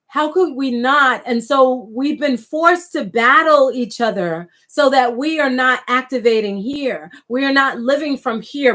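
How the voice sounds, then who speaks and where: A woman's voice: a little high, fairly bright tone. A middle-aged woman hosting a livestream, talking passionately to viewers and reading their comments. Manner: impassioned, reads viewer comments aloud. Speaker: livestream host. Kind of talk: casual livestream talk.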